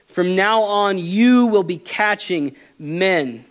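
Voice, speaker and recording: A man preaching a sermon as pastor, earnest and emotional, swinging from loud emphasis to quiet softness. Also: sits high, slow.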